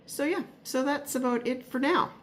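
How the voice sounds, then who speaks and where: Here a woman's high voice moves at a moderate pace over slight background noise. She's a vlogger offering a casual weekly garden update from an upstairs spare room at home, a bit breathless, rambling and hesitant with lots of fillers and restarts.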